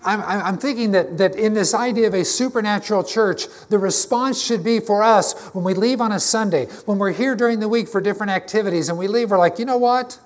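A man's voice: sits high, brisk, hardly any pauses. A man preaching a conversational, emphatic sermon to his congregation, often restarting his phrases. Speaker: pastor.

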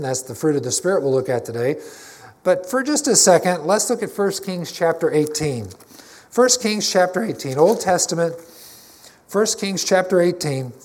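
A man's voice: on the high side, darkish tone. A man preaching a conversational, emphatic sermon to his congregation, often restarting his phrases. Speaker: pastor.

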